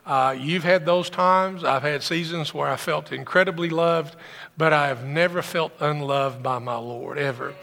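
A man preaching a sermon as pastor, building into impassioned, loud, high-pitched stretches. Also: gravelly, big-room sound.

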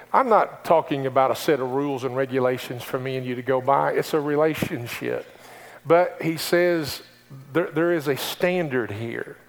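Male pastor, slightly raised pitch, earnest repetitive sermon delivery, recorded with long hall reverb. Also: creaky. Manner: preachy, rising to emphatic exhortation, repeats key phrases. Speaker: preacher.

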